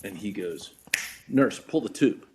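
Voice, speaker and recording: A man's voice: on the low side, lively intonation, unhurried, background noise. A man, a podcast guest, telling a story in a casual way, acting out other people's voices and often repeating his words.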